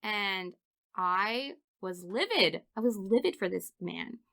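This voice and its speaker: A woman in her thirties, a podcast guest, telling funny stories in an animated way and laughing often. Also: mid-range voice, slow, creaky. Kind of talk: casual storytelling interview.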